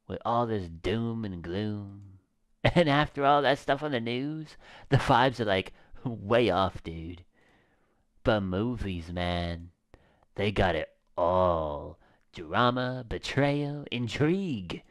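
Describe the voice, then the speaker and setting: A man's voice: lowish voice, lively intonation, takes it slowly, dry recording, clean studio sound. Guy putting on a chill surfer bro voice, stoner drawl, slangy, easygoing. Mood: mellow. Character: laid-back male surfer stoner dude, young adult. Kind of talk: reading game dialogue aloud.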